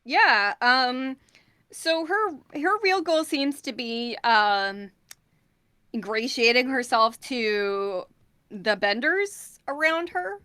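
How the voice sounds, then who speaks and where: A woman's voice: a little high, animated, takes it slowly, pushed and bright, clear, resonant tone, no echo. A young adult woman narrating as game master in a tabletop game, casual with many fillers.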